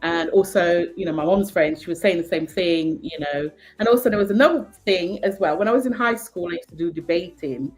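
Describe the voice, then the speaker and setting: Lively Jamaican woman telling stories. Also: lowish voice, brisk, hardly any pauses, soft background music. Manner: animated, laughs often, frequent fillers. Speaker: guest. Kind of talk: casual storytelling chat.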